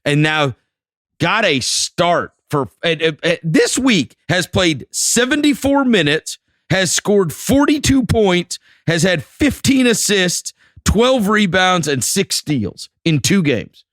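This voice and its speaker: A man's voice: high voice, sing-song, slow pace, fairly bright tone, no room sound, clean studio sound. A man co-hosting a casual basketball podcast, eagerly telling a story and piling on details. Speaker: podcast co-host. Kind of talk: casual sports chat.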